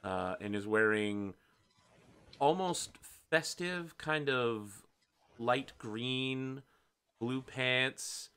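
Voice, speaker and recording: Slow-talking man running a tabletop game. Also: medium pitch, bright, forceful tone, clean tone. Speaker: game master and host.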